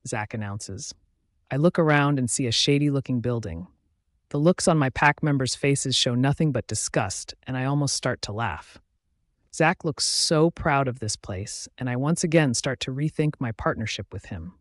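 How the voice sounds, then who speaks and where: A man narrating a werewolf romance audiobook in the first person, reading in a steady, dramatic way. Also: mid-range voice, moderate pace, no room sound, clean studio sound.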